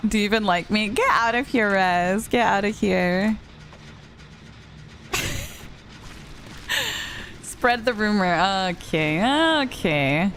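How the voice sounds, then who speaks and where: Her mid-range voice is unhurried yet flows with hardly any pauses as this young woman, from a Spanish-speaking background, teases and laughs with viewers during a casual game stream. Soft music plays behind, along with slight background noise.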